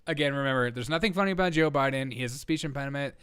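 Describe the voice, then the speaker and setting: A man hosting a political comedy show, delivering the news with deadpan sarcasm that keeps cracking into laughter. His voice is smooth and resonant, and it sits at an ordinary middle pitch. He is recorded close on a mic in a dry room with no echo. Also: fast.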